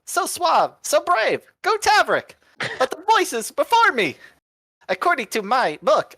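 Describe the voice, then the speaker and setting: A woman's voice: on the high side, dry recording, pitched above the performer's own voice. A woman doing a chipper robot party member. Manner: bouncy, excitable exclamations, stiff formal phrasing. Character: cheerful naive robot party member, metal frame. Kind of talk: in-character session recap.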